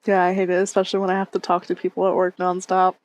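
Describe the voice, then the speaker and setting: A woman's voice: on the low side, monotone, fast, a little mellow. A woman streamer chatting casually with her viewers on a headset mic, reading and answering chat and laughing often.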